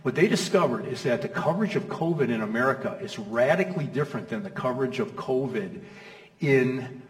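A man's voice: medium pitch, lively intonation, brisk. A middle-aged male pastor preaching a sermon in a conversational, storytelling way, acting out quoted voices, in a church hall. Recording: echoey hall from far off.

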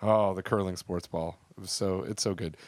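Guy rambling on a podcast, lower voice, lots of ums, dry close sound. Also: steady tone, normal speed, a little mellow, dry recording. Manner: chatty, rambling with many fillers and restarts. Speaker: podcast co-host. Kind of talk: casual podcast chat.

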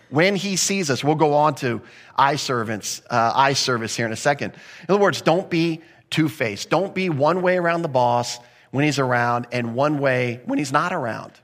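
A man preaching a sermon in a conversational way, with quick acted asides and rising emphasis. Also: mid-range voice, fairly bright tone. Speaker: pastor.

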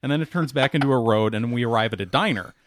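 A man's voice: medium pitch, quick pace, no room sound, studio quality. A man on a podcast, casually telling a long story with many fillers and restarts. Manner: rambling, lots of fillers and restarts.

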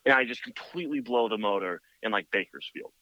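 A man with a bright, forceful voice spins a rambling anecdote in relaxed podcast chat. He leans on "like" and "you know" at every turn. The sound is dry and a little dull, with a lo-fi edge. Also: on the low side, a little fast, dry recording. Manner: rambling, filler-heavy with many "like" and "you know". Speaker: motorcycle builder guest. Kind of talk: casual storytelling on a podcast.

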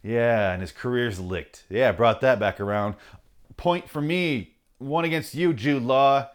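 A man's voice: mid-range voice, unhurried, clear, resonant tone. A man hosting a podcast, delivering an angry, sarcastic, profanity-filled comic rant and now and then mocking people in put-on voices. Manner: angry, sarcastic, heavy swearing. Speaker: podcast host reading his rants.

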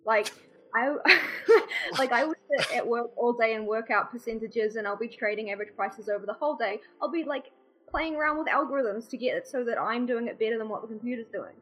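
A woman's voice: a little high, rough recording. New Zealand woman, rambling casual chat. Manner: rambling, many fillers, self-deprecating. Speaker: podcast co-host.

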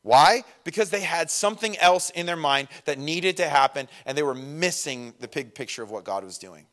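A young man preaching a sermon in a casual, animated way, acting out quick voices of the people in his story. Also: on the high side. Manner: animated, acts out voices of disciples and Jesus. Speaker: pastor.

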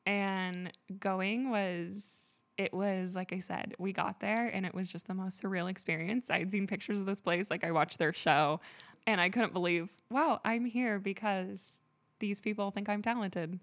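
A woman's voice: medium pitch, fairly even intonation, measured pace. A woman guest in a casual interview, telling her story in a chatty way full of "like" and other fillers. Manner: chatty, filler-heavy with frequent "like".

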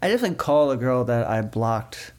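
A man's voice: medium pitch, very animated, darkish tone. Joking male podcast host. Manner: joking, teasing, quick asides. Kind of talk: casual podcast banter.

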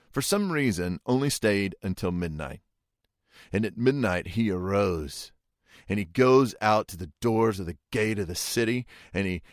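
A man's voice: fairly low pitch, dry recording, clean studio sound. A man preacher retelling a scripture story in a conversational, vivid sermon style.

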